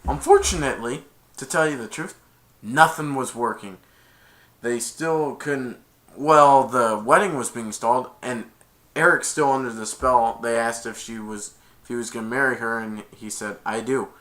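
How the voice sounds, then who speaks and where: Guy rambling through a movie recap, bright voice, keeps correcting himself. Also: medium pitch, normal speed. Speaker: movie reviewer.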